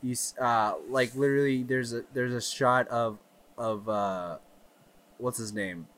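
A man's voice: mid-range voice, fairly even intonation, measured pace, a bit bright. A man co-hosting a podcast, eagerly retelling movie scenes in casual chat. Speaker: podcast co-host.

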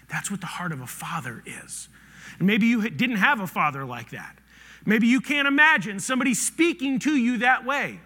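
A bright, high-voiced man preaching with lively, wide-ranging inflection. He moves from loud emphasis to hushed, near-whispered lines. The sound carries the long reverb of a hall. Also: moderate pace. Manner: animated, swings from loud to hushed. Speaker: pastor. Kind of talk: sermon.

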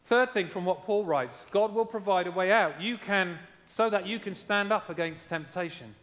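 A man's voice: high-pitched, normal speed, fairly bright tone, big-room sound. A man preaching a sermon as pastor, emphatic, repeating key lines and asking his congregation how they are doing.

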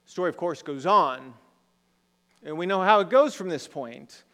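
Man, pastor, sermon, slightly high voice, rhetorical questions, long hall reverb. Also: animated, a little slow, a bit bright. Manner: conversational, asks the congregation rhetorical questions.

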